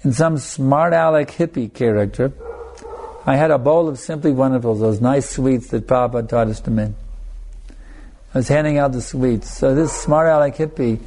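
A man's voice: medium pitch, normal speed, mellow. A male spiritual teacher giving a sermon and telling a story, talking conversationally with frequent restarts and asides to his listeners. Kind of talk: anecdotal sermon.

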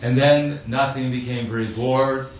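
A man's voice: medium pitch, steady tone, measured pace, slight background noise. A man giving a storytelling sermon in a wry, anecdotal way, chuckling at his own jokes. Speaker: preacher. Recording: echoey hall, distant dull mic.

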